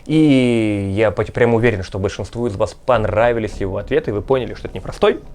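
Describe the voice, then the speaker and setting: A man's voice: on the low side, fast, a little mellow. A man hosting from a studio, wrapping up and thanking viewers in a loose, chatty way. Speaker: host. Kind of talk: casual outro to viewers.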